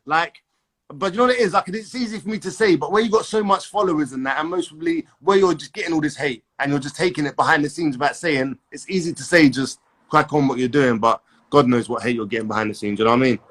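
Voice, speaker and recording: A man hosts the chat in a laid-back, placating way, leaning on slang fillers as he talks. His voice sits slightly high for a man. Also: fast talker, fairly bright tone. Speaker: interviewer. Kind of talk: casual chat.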